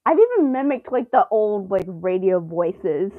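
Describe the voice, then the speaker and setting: Woman co-host, lively casual chatter with frequent laughs, dry close sound, a bit lo-fi. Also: mid-range voice, measured pace, no room sound. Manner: animated, laughs often, playful voice imitations. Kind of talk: casual chat reacting to a TV episode.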